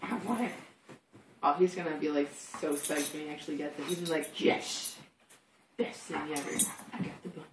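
A woman's voice: low-pitched, fairly quick, natural voice. A woman putting words in the mouth of her eager pet dog, in a playful, mock-whiny tone. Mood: dreamy. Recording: roomy, distant, noisy home recording.

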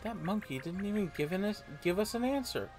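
A man's voice: sits high, lively intonation, fairly quick, darkish tone, soft background music. A man playing a video game and commenting casually, playfully reading the game's lines aloud in silly voices. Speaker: let's play gamer. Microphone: desk microphone at a computer.

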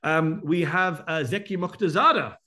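A man whose voice sits a little higher than most. He hosts a live question-and-answer town hall, talks briskly and with animation, and reels off points in lists with quick asides. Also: pushed and bright. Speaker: host answering members' questions.

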